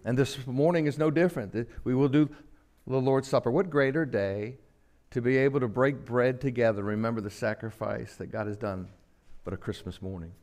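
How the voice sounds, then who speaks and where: An older man, a pastor preaching a casual, story-filled Christmas sermon, acting out quotes and slowing for solemn lines. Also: a little mellow. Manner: storytelling, acts out quotes with sudden pitch jumps, slows for solemn lines.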